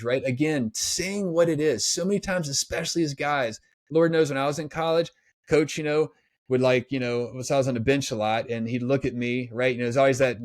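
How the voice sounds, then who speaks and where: A man talking as a sports psychologist guest in a casual podcast interview, energetic and acting out pep talks. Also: medium pitch, no echo. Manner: energetic, acts out pep talks in quoted voices.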